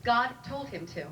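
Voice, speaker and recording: A woman's voice: on the high side, fairly bright tone. A woman doing a stand-up comedy set in a club, chatty and wry, teasing the audience. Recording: live room recording from a distant mic with audible noise.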